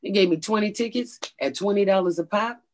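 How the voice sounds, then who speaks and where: A woman stand-up comedian tells a story in an interview. She is animated and jumps high in pitch when she acts out quotes. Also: a little fast, slight background noise.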